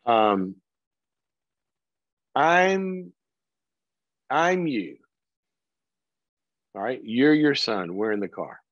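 A man's voice: mid-range voice, sing-song, extremely slow, pauses often, dry recording, muffled recording. A middle-aged man hosting a call-in advice show, playful and emphatic, teasing the caller to make his point. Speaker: call-in show host, counselor.

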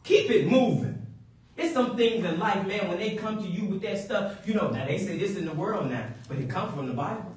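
A man preaching a sermon, animated and playful, breaking into high whoops and chuckles. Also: fairly quick. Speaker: pastor. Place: church sanctuary. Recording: echoey church from a distant mic.

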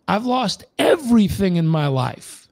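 A man's voice: high voice, sing-song, measured pace, gravelly, darkish tone, no echo, studio quality, pitched above the performer's own voice, exaggerated voice. A man voicing a businessman who has lost everything and answers in a bewildered, defensive way. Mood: dazed. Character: ruined, dazed businessman.

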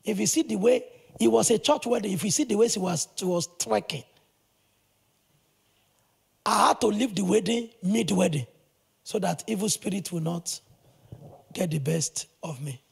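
A male pastor preaching a sermon in an animated, emphatic way, with sudden loud bursts. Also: high voice, normal speed, vocal fry, pauses often, husky.

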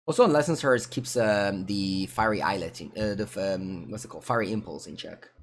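Italian-accented streamer, live card game commentary, mostly mumbled asides broken by loud excited yelps. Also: male voice, fairly low pitch, a little fast, a little hiss or hum. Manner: muttering thoughts aloud, with sudden excited outbursts.

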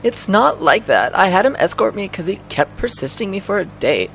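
Guy putting on a higher young lady cop voice for a game, a bit gravelly underneath. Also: very animated, moderate pace, a bit bright, slight background noise, heavily acted, rough recording. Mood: earnest. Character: young female cop, composed, reserved.

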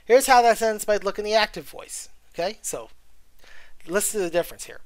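Lecturer with a mid-range voice on a dry, close mic. Keeps asking "okay?" and fills pauses with "uh". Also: medium pitch, dry recording. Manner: frequent "okay?" check-ins and "uh" fillers; reads textbook passages aloud. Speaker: college writing instructor. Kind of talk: recorded video lecture.

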